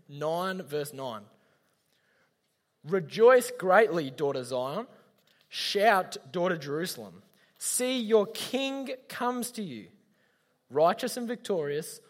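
Aussie guy, young, high voice, casual slangy youth talk, long echo in a big hall. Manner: chatty, slangy, addresses audience directly. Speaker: youth leader.

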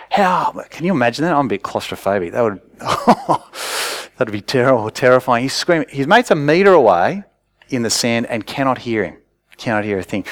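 A man's voice: medium pitch, dry recording. A man preaching a sermon, telling stories in a conversational way and rising to urgent cries.

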